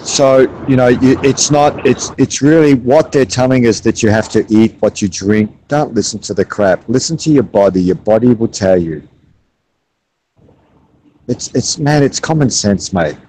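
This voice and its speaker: A man's voice: medium pitch, moderate pace, warm tone, rough recording. A man, talking bluntly and crudely in casual chat.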